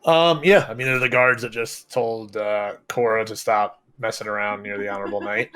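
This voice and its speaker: A man's voice: on the low side, fairly even intonation, normal speed, fairly bright tone, smooth, soft background music. A man narrating as game master of a tabletop game, in a casual way with many fillers and restarts.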